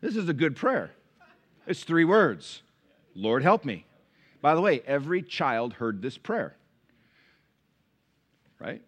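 Male pastor, high bright voice, animated sermon with rhetorical questions. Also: moderate pace. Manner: animated preaching with rhetorical questions, dropping to quiet asides.

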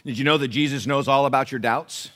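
A man preaching a sermon in a church, lively, calling out to the congregation and acting out little voices. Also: medium pitch, fast talker. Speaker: pastor.

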